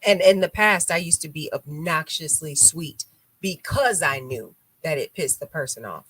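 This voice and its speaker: A woman's voice: low-pitched, normal speed, fairly bright tone, husky. A woman hosting a live radio talk show, chatting bluntly and animatedly, acting out quotes as she tells stories. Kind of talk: casual chat.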